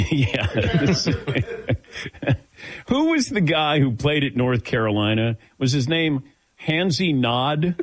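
A man's voice: medium pitch, sing-song, slow pace, no room sound. A middle-aged man from the American Midwest hosting a sports talk radio show, chatting casually and telling stories with a chuckle. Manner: laid-back, chuckling, storytelling. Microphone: studio microphone.

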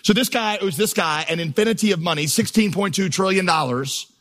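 Male pastor, sermon, animated storytelling, slightly high voice, long hall reverb. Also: brisk. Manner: animated preaching with storytelling and rhythmic lists. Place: church auditorium.

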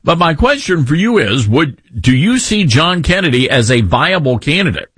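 A man's voice: a little high, sing-song, normal speed, a bit bright, husky, no room sound. A man in his fifties hosting a talk radio show, opinionated, rambling and jokey. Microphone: studio mic.

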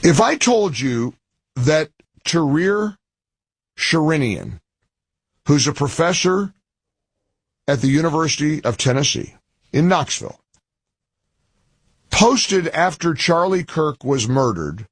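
Man, commentary host, indignant, emphatic, repeats for effect, husky, dry close sound. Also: a little high, sing-song, no room sound. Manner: emphatic, builds in repeated phrases and pauses. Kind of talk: opinion commentary monologue.

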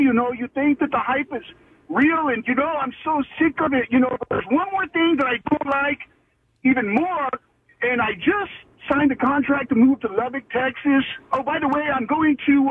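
Male radio caller, very high voice, tinny phone line, scattered delivery. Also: slight background noise. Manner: rambling, scattered. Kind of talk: call-in radio talk.

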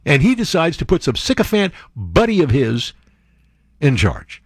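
A man hosting a show, reading news stories aloud and breaking off into sarcastic, wisecracking asides and animated outbursts. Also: mid-range voice, moderate pace, slightly rough, dry recording, studio quality. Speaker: show host. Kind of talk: reading news with running commentary.

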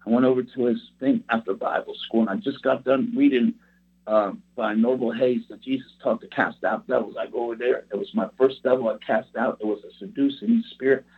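A man's voice: medium pitch, steady tone, brisk, slightly rough. A man preaching a personal testimony in an earnest, rambling storytelling way. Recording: tinny phone-like sound.

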